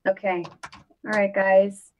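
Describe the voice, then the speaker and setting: A woman's voice: medium pitch, flat delivery, takes it slowly, dull audio. Chatty woman hosting a live stream. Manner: chatty and upbeat, talking straight to viewers. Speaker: host of a live political show. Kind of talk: casual live-stream chat.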